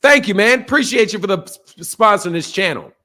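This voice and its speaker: A man's voice: high voice, expressive, fairly quick, pushed and bright. A man hosting a live-streamed boxing talk show, reading super chats and firing back at trolls, often repeating himself. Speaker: boxing channel host.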